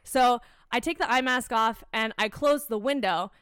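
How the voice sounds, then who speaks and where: Swearing woman telling a story, smooth voice. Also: a little high, normal speed, dry recording, studio quality. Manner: swears a lot, animated storytelling. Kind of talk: casual chat.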